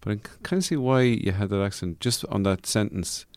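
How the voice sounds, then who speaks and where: A man's voice: on the low side, lively intonation, brisk, a little mellow, no echo. A man hosting a casual chat, full of joking, rambling banter. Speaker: podcast host.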